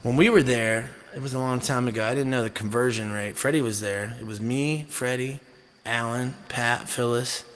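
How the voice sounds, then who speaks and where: A man's voice: medium pitch, moderate pace, faint music behind. Rambling, joking man streaming live. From North Carolina. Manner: rambling, jokey, animated storytelling. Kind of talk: casual chat on a live stream.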